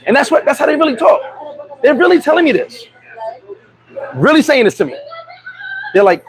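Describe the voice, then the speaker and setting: Man, high voice, livestream host, casual chat, blunt profane storytelling. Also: very animated, fairly quick, pauses often, rough recording.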